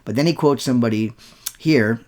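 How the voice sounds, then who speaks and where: A man talks through a rebuttal as the host of his own show. His voice sits in an ordinary middle pitch, and his delivery is insistent and argumentative, circling back to repeat key words for emphasis. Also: brisk, darkish tone. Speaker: show host and Bible scholar. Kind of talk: rebuttal commentary.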